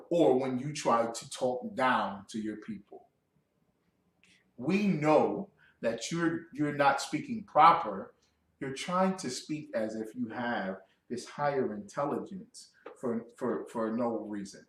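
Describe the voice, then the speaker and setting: Man instructor, high and very lively voice, mocking and combative delivery, echoey room with a distant mic. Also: normal speed. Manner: animated, mocking and confrontational, with loud outbursts. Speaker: class instructor. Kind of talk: lecture to a class.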